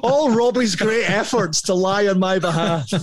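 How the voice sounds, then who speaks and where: A man in his fifties tells stories as a podcast guest, chatty and animated, laughing often. His voice sits fairly high. The sound is dry. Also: normal speed, dry recording. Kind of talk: casual storytelling.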